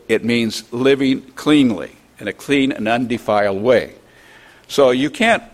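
Older man, Bible teacher, plain mid-pitched voice, unhurried teaching, reads verses aloud. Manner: unhurried, reads scripture aloud, spells out words. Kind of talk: informal Bible lesson.

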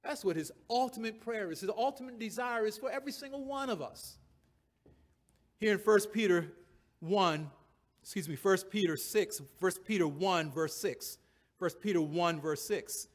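A man's voice: high voice, expressive, normal speed. A man preaching a sermon, reading scripture aloud and repeating key phrases and verse references, swelling to emphatic peaks.

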